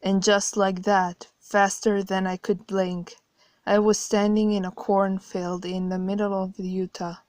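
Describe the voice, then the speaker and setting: A woman narrating a horror story in a measured, quiet way. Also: medium pitch, level tone, no echo.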